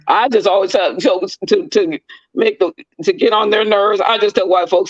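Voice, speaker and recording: A woman's voice: normal speed, no room sound, muffled recording. A middle-aged woman in casual chat, telling stories and acting out the people in them with big jumps in her voice. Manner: animated, acts out quoted people with big pitch leaps.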